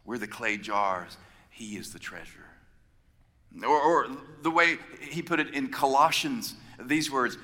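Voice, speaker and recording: A man preaching a sermon, emphatic, building his points with repeated phrases and pauses. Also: mid-range voice, pushed and bright. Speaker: pastor. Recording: long reverb of a large hall.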